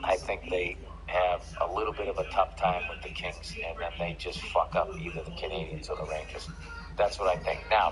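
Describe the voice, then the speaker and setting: A man hosting his own comedy podcast talks in a loose, rambling monologue. He swears freely, jokes sarcastically and keeps derailing himself mid-sentence. Music plays clearly in the background. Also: fairly low pitch, sharp tone, low-quality recording. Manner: profane, sarcastic, self-interrupting. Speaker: podcast host and stand-up comedian.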